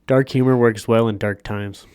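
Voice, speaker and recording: A man's voice: mid-range voice, fairly even intonation, normal speed, a little mellow, slight background noise. A man co-hosting a podcast, chatting casually over drinks, laid-back, laughing along and trailing off as he hunts for words. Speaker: podcast co-host.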